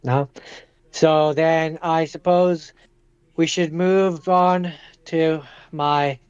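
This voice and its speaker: A man co-hosting a podcast over a remote call, chatting casually about movies in a measured way. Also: on the high side, steady tone, darkish tone, smooth, muffled recording. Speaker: podcast co-host.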